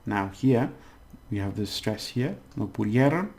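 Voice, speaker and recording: Male tutor, casual and patient, slow delivery, gravelly tone, overpronounces example words. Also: on the low side, lively intonation, darkish tone. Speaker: language teacher. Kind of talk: casual spoken language lesson.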